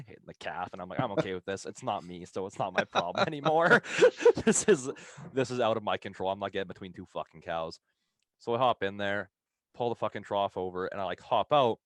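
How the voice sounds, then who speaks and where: A man's voice: lowish voice, no room sound, clean studio sound. A man on a casual podcast who tells a long story in a rambling, profane way and laughs often as he goes. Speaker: podcast co-host telling a story.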